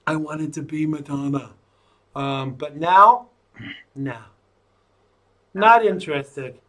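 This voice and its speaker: A man's voice: on the high side, slow, fairly bright tone. A man hosting his own live stream, rambling chattily and talking to himself while he gets ready to go live. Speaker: live-stream show host. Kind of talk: casual pre-show chat to himself.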